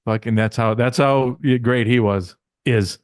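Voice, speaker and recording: A man who used to be an insider co-hosts a casual podcast, telling backstage stories animatedly, acting out quotes, and often swearing and laughing. His voice is medium-pitched and measured, recorded with studio quality and no room sound.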